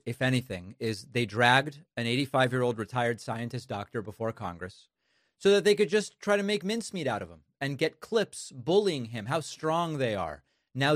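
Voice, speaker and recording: A man hosting political commentary, scornful and sarcastic, with quick throwaway asides between clips. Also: mid-range voice, no echo, clean studio sound. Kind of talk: opinionated commentary.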